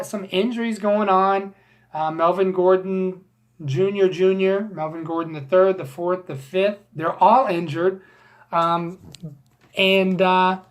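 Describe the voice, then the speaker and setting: A woman hosting a fantasy football league recap, rambling and joking with crude asides and plenty of fillers. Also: lowish voice. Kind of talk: casual joking sports recap.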